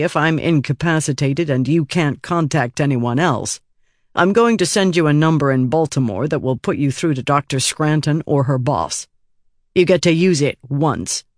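A man's voice: on the high side, no room sound, clean studio sound, natural voice. A man reading an audiobook, voicing a weary, cynical middle-aged intelligence boss who is sardonic and swears freely. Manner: sardonic and exasperated, with crude language.

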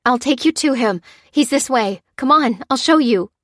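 A woman reader voicing a desperate woman agent who shouts in a high, strained voice. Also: expressive, moderate pace, dry recording, studio quality. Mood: pleading, choked.

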